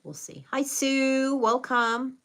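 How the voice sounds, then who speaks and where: A woman's voice: high-pitched, takes it slowly, a bit bright. A middle-aged American woman with a Hispanic Latin accent, hosting a live stream, greeting viewers by name and giving earnest, reflective spiritual advice. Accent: American English with a Hispanic Latin accent. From United States.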